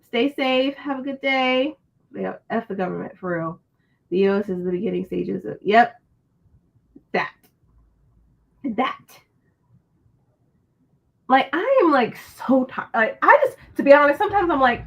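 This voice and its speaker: Higher-voiced woman ranting on a stream. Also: sing-song, slow, pauses often, a bit bright, rough recording. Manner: frustrated, ranting, swears freely. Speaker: book channel host reading live chat. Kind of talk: casual livestream chat.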